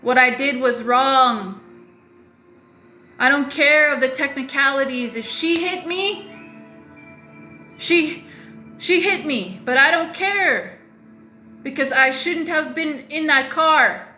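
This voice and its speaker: A woman's voice: sits high, takes it slowly, pauses often, bright, forceful tone, reverberant, soft background music, rough recording. A woman talking straight to her viewers in a confessional vlog, emphatic and repeating phrases for weight, with the odd swear. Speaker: vlogger. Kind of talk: confessional talk to camera.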